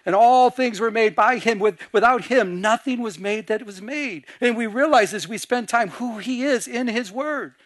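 A man with a fairly high voice preaches with animation, dropping into hushed voices as he acts out little scenes. The sound is dry and close, with no room around it. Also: moderate pace, hardly any pauses, no echo. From Michigan. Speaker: pastor. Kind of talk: sermon.

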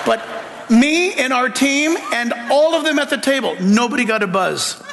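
A man preaching a sermon as pastor, telling a story with humor and animated delivery, rising to shouts. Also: very high voice, normal speed, gravelly, some chatter behind, a little hiss or hum. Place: church sanctuary. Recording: long reverb of a large hall.

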